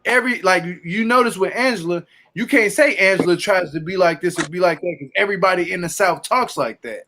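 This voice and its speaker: A man hosting a casual podcast chat, talking in an animated, emphatic way and stressing his honesty. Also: high voice, a little fast. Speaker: podcast host. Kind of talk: casual chat recapping a reality show.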